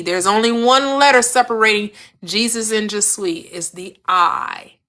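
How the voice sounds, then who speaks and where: A woman's voice: medium pitch, a little slow, bright, forceful tone. A woman giving a spiritual teaching in an emphatic, preacherly cadence, repeating phrases and asking rhetorical questions.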